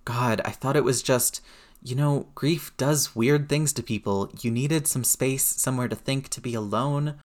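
A man's voice: medium pitch, a little slow, lightly acted. A man reading aloud who voices a blunt, swearing, grieving middle-aged aunt comforting her nephew in a storybook reading. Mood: bewildered hurt.

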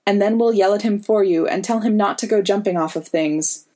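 A woman's voice: mid-range voice, a little fast, warm tone, lightly acted. A woman reading the part of an earnest young male hero who pleads with and reassures his friends. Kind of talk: audiobook reading.

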